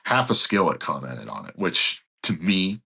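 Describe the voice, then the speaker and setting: A man with a deep, low voice tells a story as a guest in conversation. He speaks earnestly and with animation, slipping into the voices of people in his story. He sometimes restarts a phrase mid-thought. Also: moderate pace, creaky, slightly rough. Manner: animated, acts out others' speech while retelling. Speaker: pastor, guest.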